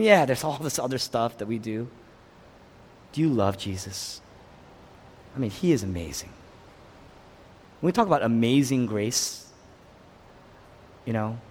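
A man preaching a sermon with passion, rising to loud peaks and dropping to hushed lows. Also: slight background noise. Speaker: pastor. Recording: long hall reverb.

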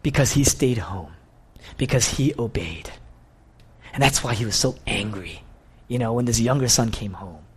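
A man's voice: mid-range voice, lively intonation, moderate pace, pauses often, husky. A man preaching a conversational sermon, earnest and confessional, often restarting and saying "you know". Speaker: pastor.

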